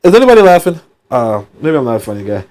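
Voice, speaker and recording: A man reading a book aloud and breaking off into animated, sarcastic commentary. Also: medium pitch, fast. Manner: animated, sarcastic asides, many fillers.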